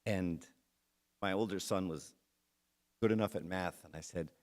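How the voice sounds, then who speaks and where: The speaker, a middle-aged man, has a low-pitched, slightly mellow voice and a measured pace. He talks to the audience directly in a conversational church address revolving around a personal story.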